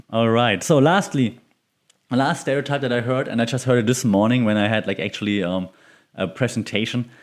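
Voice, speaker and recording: A man's voice: medium pitch, moderate pace, pauses often. German guy in his 40s, chatty solo podcast, jokey and laughing a lot. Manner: chatty, joking, laughs often. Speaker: podcast host.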